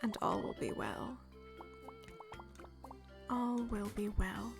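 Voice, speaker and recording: A woman streaming a game, chatting excitedly and sometimes dropping to a soft whisper. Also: a little high, moderate pace, creaky, pauses often. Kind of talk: casual live-stream commentary. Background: game music.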